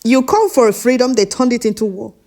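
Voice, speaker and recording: A woman's voice: on the high side, brisk, a little mellow. A woman reading out news reports and breaking off with mocking comments and frequent laughter. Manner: laughs often, mocking asides.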